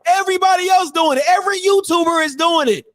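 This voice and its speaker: A man's voice: very high-pitched, quick pace, very noisy. A man hosting a podcast, giving an emphatic, opinionated rant in casual slang and firing off repeated rhetorical questions. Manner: casual slangy delivery with restarts. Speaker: podcast host.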